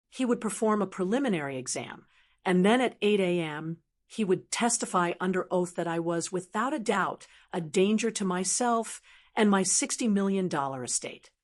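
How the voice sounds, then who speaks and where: A woman narrating a dramatic first-person story in a measured, scripted way. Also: medium pitch.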